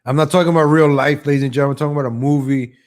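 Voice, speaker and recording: A man with a slightly higher voice, hosting a live show and ranting casually. He is sarcastic and opinionated and jumps from topic to topic. He often stumbles over his first words and mocks other people in exaggerated voices. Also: steady tone, rapid-fire. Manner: repeats words at the start of sentences. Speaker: host of a live online show.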